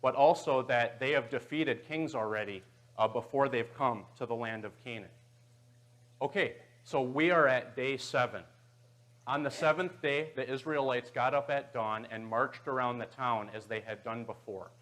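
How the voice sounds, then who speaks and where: A man's voice: medium pitch, moderate pace, fairly bright tone. Man teaching a church Bible class. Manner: guiding, checks in with "okay" and "right". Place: church auditorium.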